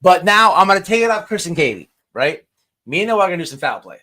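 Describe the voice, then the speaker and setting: Male stream host with a somewhat high voice, casual and crude, restarting sentences often. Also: sing-song, quick pace, bright, forceful tone. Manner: rambling with many restarts and stammers. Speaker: livestream host. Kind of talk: casual profane commentary.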